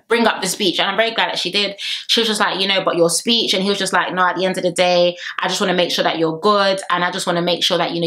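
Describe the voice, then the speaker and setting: Bright-voiced young woman gossiping. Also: medium pitch. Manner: gossipy, animated, mimics the cast, laughs often. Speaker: reality TV recap vlogger. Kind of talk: casual chatty episode review.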